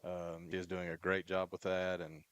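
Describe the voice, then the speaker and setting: Man, coach, low, flat, halting with fillers, smooth clear voice. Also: muffled recording. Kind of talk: casual radio talk.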